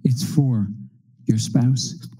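A man preaching a sermon, working through numbered points in a slow, measured way. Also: medium pitch, steady tone, warm tone, husky, low-quality recording.

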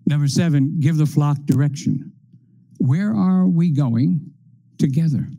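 A man delivering a sermon at an unhurried, deliberate pace. His voice is deeply dark and mellow. He works steadily through a list of numbered points. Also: creaky, breathy edge, rough recording. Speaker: preacher.

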